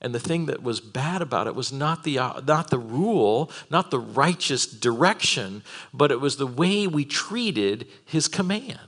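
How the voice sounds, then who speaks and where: A man teaching a Bible conference session, earnest and building from quiet reflection to fervent emphasis. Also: medium pitch, animated, measured pace.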